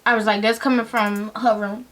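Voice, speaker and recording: A woman's voice: on the high side, level tone, normal speed, fairly bright tone. A young adult woman telling a dramatic storytime on her vlog in casual, slangy talk, often addressing viewers directly. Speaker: vlogger.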